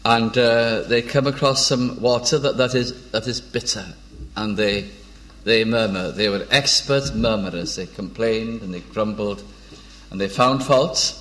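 A man preaching an informal sermon. He is unhurried, pauses often and restarts his phrases, and reads old biblical verses in a measured tone. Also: on the low side, fairly bright tone. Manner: unhurried, with frequent hesitations and restarts.

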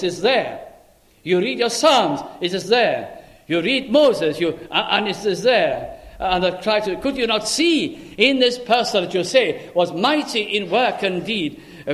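A man preaching a sermon in a dramatic way, swinging between loud emphasis and hushed, quiet lines. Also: high voice, sing-song, a little slow.

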